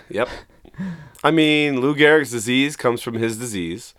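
A man's voice: medium pitch, slow pace, a bit bright, no echo, clean studio sound. A man co-hosting a podcast, chatting casually and dropping wry, sarcastic remarks. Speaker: podcast co-host. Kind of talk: casual chat.

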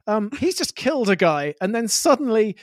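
Man, high pitch, animated, acts out quotes, dry close mic. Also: moderate pace, dry recording. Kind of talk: casual chat.

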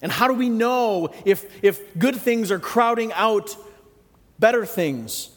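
A man preaching a sermon in a conversational, reflective way with gentle humor. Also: sits high, expressive, slow pace, long reverb tail. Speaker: pastor.

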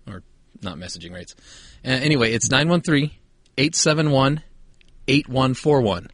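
A man's voice: medium pitch, animated, normal speed, no room sound, studio quality. A man co-hosting a podcast in casual chat, joking around, swearing freely and laughing often. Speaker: podcast co-host.

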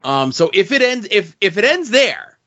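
A man's voice: sits high, big pitch swings, moderate pace, a bit bright. A man co-hosting a casual podcast, talking through story structure in a loose, thinking-aloud way. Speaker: podcast co-host. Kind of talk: casual comic book discussion. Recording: dull lo-fi sound.

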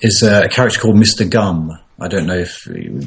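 A man chatting casually as a regular panelist, rambling and hesitant with many pauses. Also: sits low, lively intonation, gravelly. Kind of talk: casual chat.

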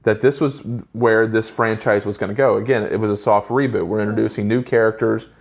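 A man's voice: on the low side, fairly even intonation, creaky. A man in his forties giving an opinionated, ranting movie review in casual chat with a co-host. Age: 40s. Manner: opinionated, ranting with quick asides.

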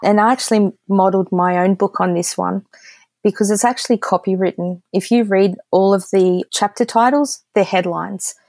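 An Australian woman speaks in a casual podcast interview, candid and direct. She tells stories with a lively pull, her voice at a middling pitch. The sound is close and dry, with no room around it. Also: normal speed, dry recording. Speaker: guest copywriter.

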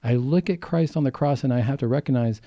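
A man's voice: medium pitch, quick pace, dark tone, no room sound. A man, a doctor co-hosting a faith talk show, explaining earnestly and acting out the voices he quotes. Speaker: doctor and co-host.

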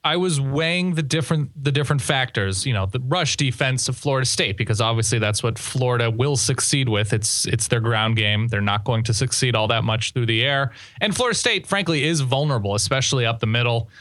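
A man's voice: medium pitch, brisk, few pauses, fairly bright tone, no echo. A man co-hosting a casual sports podcast, talking in a laid-back, wry way. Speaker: podcast co-host.

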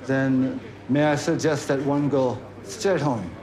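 An actor plays a male cafe waiter from a low-budget film, with a forced French accent. He speaks slowly and stiffly, in a mid-range voice. Each line lands with a wooden, deliberate weight. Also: steady tone, darkish tone, lightly acted. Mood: ominous. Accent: put-on French. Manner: slow, stilted, wooden delivery.

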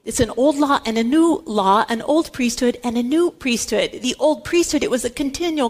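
A woman with a high voice teaches scripture in an emphatic talk. She stresses her points by repeating key words over and over, like a Catholic Bible teacher. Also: moderate pace, few pauses.

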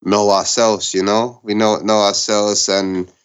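Slow, low-voiced man answering haltingly. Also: little pitch movement, clear, resonant tone. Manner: halting, with restarts. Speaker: business owner guest. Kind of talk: casual interview answer.

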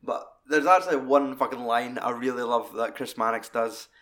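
Male co-host, casual and profane, theatrical when quoting, middle pitch. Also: moderate pace. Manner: profane, animated, acts out quotes in loud high voices. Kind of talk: casual film discussion.

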